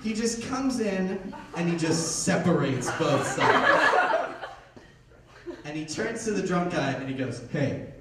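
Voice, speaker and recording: A young man performs stand-up in a small theater, telling his story with deadpan timing and slipping into the voices of its characters. His voice is fairly high and swings widely in pitch. The recording is distant and very echoey, with loud laughter from the crowd. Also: takes it slowly, long pauses, background noise. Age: young adult. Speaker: stand-up comedian. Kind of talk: stand-up comedy set. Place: small theater with a live audience. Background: audience laughter.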